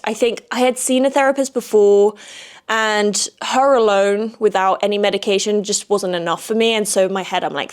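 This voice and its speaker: A young woman hosting a podcast, talking candidly and rambling in a frank personal monologue, swearing freely. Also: mid-range voice. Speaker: podcast host.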